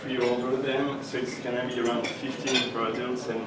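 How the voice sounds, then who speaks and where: Young man, halting club announcement; distant mic, dish clatter. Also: medium pitch, flat delivery. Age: young adult. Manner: halting, many fillers and restarts. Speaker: exchange student presenting. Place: meeting room with breakfast tables. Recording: echoey room, far mic, dish noise.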